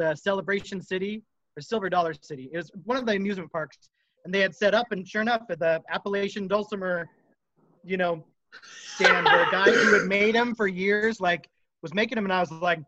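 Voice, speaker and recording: A man's voice: high-pitched, brisk, muffled recording, background noise. A man from the United States, a musician guest, rambling through stories in a casual interview and laughing often.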